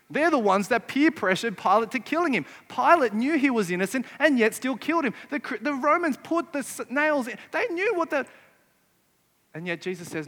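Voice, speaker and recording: A man's voice: extremely high pitch, sharp tone, long reverb tail. A man preaching a sermon, emphatic and often putting rhetorical questions to his listeners. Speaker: pastor.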